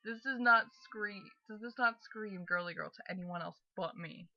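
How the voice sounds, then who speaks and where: A woman's voice: medium pitch, moderate pace, dull audio. A young woman chatting casually as she plays through a game, rambling and giggly. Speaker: let's play host. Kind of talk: casual gaming commentary.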